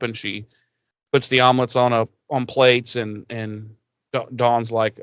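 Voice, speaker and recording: A man's voice: mid-range voice, steady tone, moderate pace, a bit bright, clean tone, no room sound. A man co-hosting a podcast, retelling a TV episode in loose, profane casual chat full of fillers. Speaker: podcast co-host.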